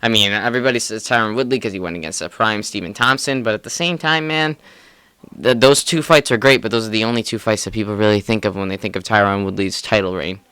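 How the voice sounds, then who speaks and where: Casting: young male podcast co-host, excitable and profane, clear bright tone. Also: on the low side, fast talker, no echo. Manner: excitable, profane, laughs often. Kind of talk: casual sports chat.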